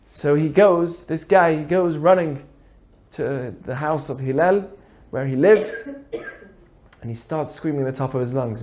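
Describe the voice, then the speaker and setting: A man teaching through an animated story, acting out the characters as he goes. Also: fairly high pitch, moderate pace. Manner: animated, acts out the voices in his stories. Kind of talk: storytelling lesson.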